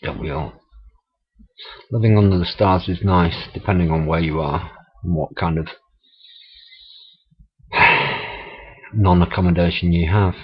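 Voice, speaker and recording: A husky, low-pitched man speaks at a measured pace with fairly even intonation, pausing often. He is a middle-aged vlogger giving a casual storytelling monologue, chatty, laughing and swearing, over dull lo-fi camera audio.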